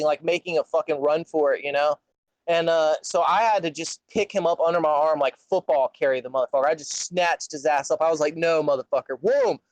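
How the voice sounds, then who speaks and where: A man's voice: a little high, dry recording, poor audio. Rambling, profane young man, dry sound. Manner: profane, rambling, animated storyteller. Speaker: guest telling a story. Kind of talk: casual storytelling chat.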